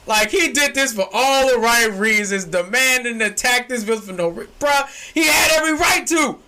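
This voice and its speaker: A young man, co-hosting a casual chat that swings from low musing to shouting, laughing excitement. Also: normal speed. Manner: excitable, shouts and laughs when hyped, slangy. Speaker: podcast co-host.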